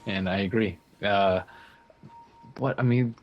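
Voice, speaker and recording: A man with a lowish voice giving loose, casual analysis of a live video game match. He talks in a teasing, offhand way, full of restarts, over a faint background hum. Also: slow, dull audio. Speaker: esports co-commentator.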